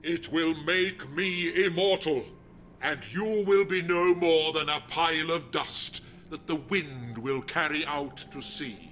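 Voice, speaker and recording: A man voicing a megalomaniac male leader of a druid order in a video game, talking in a slow, menacing, pompous way. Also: a little high, fairly bright tone, slight background noise. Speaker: game villain.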